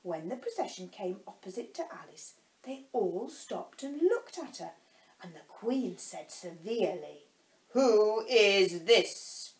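A woman teacher reading a storybook aloud to children, slowly and stopping to explain words. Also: mid-range voice, sing-song, dark tone. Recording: echoey room.

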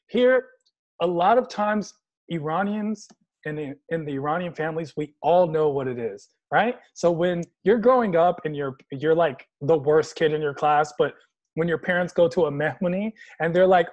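High-voiced man on a video call. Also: moderate pace, lo-fi sound. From Washington, D.C. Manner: animated storyteller, slips into mock voices. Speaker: panelist. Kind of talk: casual panel talk with humor.

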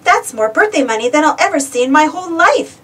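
A woman voicing an eager, excitable young boy in a read-aloud storybook. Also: high-pitched, quick pace, recorded from a distance, pitched above the performer's own voice. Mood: alarmed. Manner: pleading and excitable.

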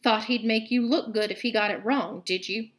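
A woman's voice: fairly high pitch, normal speed, natural voice. A woman voicing a cold, contemptuous male potions teacher in a read-aloud storybook, speaking in cutting, sneering tones. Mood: snarling.

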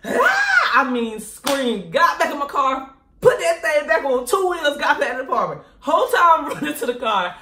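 A woman vlogger telling a casual storytime in an animated, slangy way, laughing often. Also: high-pitched, normal speed. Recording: echoey room.

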